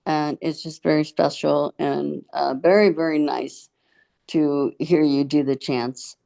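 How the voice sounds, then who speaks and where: A woman speaking slowly and hesitantly on a video call. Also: deep voice, fairly even intonation, gravelly, mellow.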